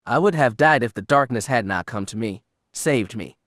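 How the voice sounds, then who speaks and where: A man's voice: medium pitch, animated, normal speed, a bit bright, no room sound, lightly acted. A haughty young Sith woman with a refined, cold and clipped delivery, as a male narrator puts her on. Her voice sits in a middling register. The audiobook recording is dry and close. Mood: bitter. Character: haughty young female Sith apprentice, bitter. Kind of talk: audiobook reading.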